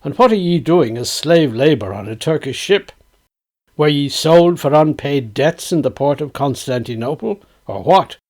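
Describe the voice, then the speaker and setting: A man's voice: a little high, animated, normal speed, a little mellow. A man with a Dublin accent voicing a young lord from Dublin, speaking in a formal, rueful, subdued way.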